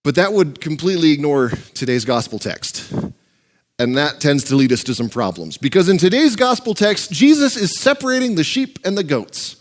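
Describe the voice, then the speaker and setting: A man's voice: fairly high pitch, big pitch swings, moderate pace. A male pastor preaching a sermon in a joking, conversational way.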